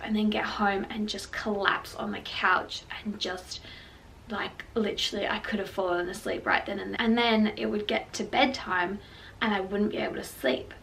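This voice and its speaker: A young woman, telling her personal story in a candid, emotional way and leaning on filler words. Her voice has a gravelly edge. The mic sits a little far off, with faint noise behind her. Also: medium pitch, a bit bright. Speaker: vlogger. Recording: slightly distant mic with faint background noise.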